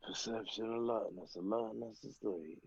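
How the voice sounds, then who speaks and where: A man's voice: on the low side, normal speed, vocal fry, darkish tone, muffled recording. A man player in a casual tabletop game, making wisecracking asides.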